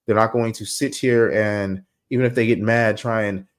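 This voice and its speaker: A young man hosting a podcast, talking casually and telling stories in a slangy, animated way. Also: lowish voice, normal speed, clean tone. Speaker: podcast host. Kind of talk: casual monologue.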